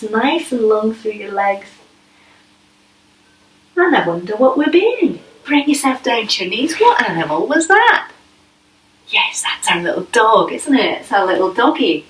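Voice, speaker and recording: A woman leading a yoga class for children, speaking gently and playfully with coaxing questions. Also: fairly high pitch. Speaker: yoga teacher. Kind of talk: guided kids' yoga class. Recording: echoey room, voice from a distance.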